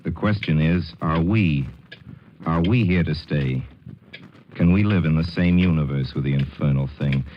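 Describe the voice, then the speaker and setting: Deep voiced guy doing a wry dramatic radio commentary, old muffled 40s broadcast. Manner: wry, theatrical and deliberate. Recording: dull, hissy 1940s radio broadcast.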